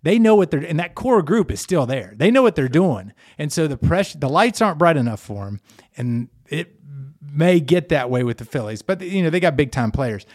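A man's voice: a little high, big pitch swings, moderate pace, darkish tone, no room sound, clean studio sound. A middle-aged man co-hosting a podcast in a casual sports chat, opinionated and rambling, with restarts and hedges. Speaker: podcast co-host.

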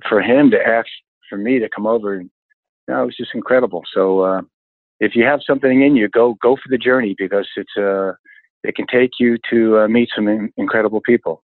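A man in his sixties, a stunt coordinator telling lively stories in an interview, often exclaiming as he recalls events. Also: fairly low pitch, fairly quick, no room sound. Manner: animated anecdotes, exclaims often. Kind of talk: storytelling interview chat. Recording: dry, tinny phone-like line.

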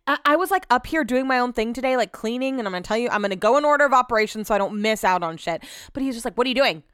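A woman's voice: on the high side, rapid-fire, fairly bright tone, clean tone, no echo. Young woman podcasting from home, ranting and cursing a lot, dry close mic. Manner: candid ranting with frequent swearing. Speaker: podcast host. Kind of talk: solo podcast chat.

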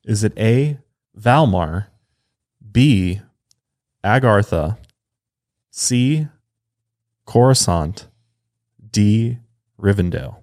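Laughing low-voiced man quizzing friends. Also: animated, very slow, long pauses, a little mellow. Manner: jokey, laughs between questions. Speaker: podcast host, quizmaster. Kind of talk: casual quiz game chat.

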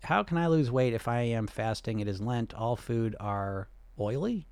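A middle-aged man coaching on weight loss and answering questions, blunt and animated, firing off rhetorical questions. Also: medium pitch, moderate pace, clear, resonant tone, dry recording.

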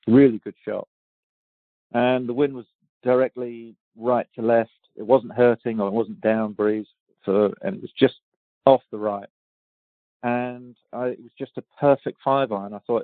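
A man's voice: on the low side, little pitch movement, unhurried, dry recording. A man in his fifties from England, a guest golfer recounting stories in a casual interview, rambling with many restarts and easy laughter. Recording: tinny phone-line sound, dry.

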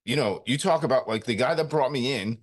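A man in his thirties co-hosting a sports talk show, telling stories in a rambling, animated way with many fillers. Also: medium pitch, fairly quick. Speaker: sports radio co-host.

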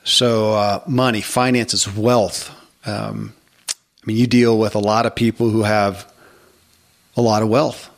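A man's voice: on the low side, little pitch movement, unhurried, gravelly, long pauses. A man hosting a podcast, talking reflectively and searching for words as he goes. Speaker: podcast host. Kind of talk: casual interview.

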